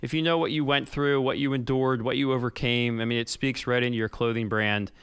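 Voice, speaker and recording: A man's voice: mid-range voice, flat delivery, a little fast, a bit bright, clean tone, dry recording. A man hosting a podcast interview, earnest and encouraging as he asks his guest questions. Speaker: podcast host. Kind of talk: casual interview.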